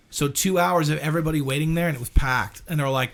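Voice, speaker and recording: Gravelly, profane man telling rambling stories. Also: on the high side, fast talker, few pauses. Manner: rambling, profane anecdotes with quoted voices. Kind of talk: casual chat.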